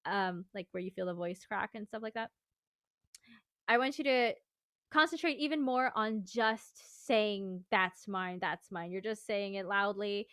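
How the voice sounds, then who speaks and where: A woman's voice: medium pitch, measured pace, a bit bright, smooth, no room sound, clean studio sound. A woman vocal coach giving a casual singing lesson, explaining exercises in a chatty, rambling way.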